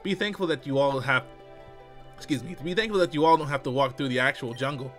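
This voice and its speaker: A man's voice: medium pitch, fast talker, fairly bright tone, faint music behind, natural voice. A man reading the lines of an irritable, haughty woman gym leader in a weary, snippy way. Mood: irritated.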